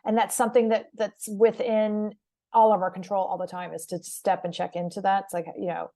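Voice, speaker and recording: A woman's voice: mid-range voice, flat delivery, a little fast, warm tone. Encouraging woman podcast host. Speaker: podcast host and media coach. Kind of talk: conversational interview.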